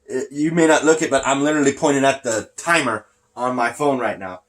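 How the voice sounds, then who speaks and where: Speaking a little fast at a medium pitch, this man hosts a laid-back wrestling podcast recap. He wears a face mask, wanders off his point, and gets slightly winded as he talks.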